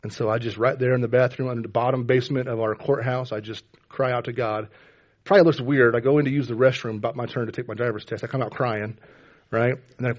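A man with children of his own, preaching a sermon in a conversational way, often asking "right?" and rising in pitch and volume when quoting scripture. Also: fast talker, a little mellow, highs cut off. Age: adult with children. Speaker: pastor.

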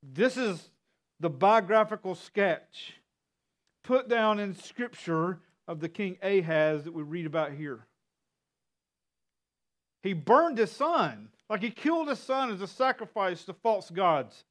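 A man with a high voice preaching an earnest sermon. He often repeats or restarts his words. His delivery builds in force as he reads passages of scripture. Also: animated, takes it slowly, a bit bright. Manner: earnest, rises in force when reading scripture. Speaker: pastor.

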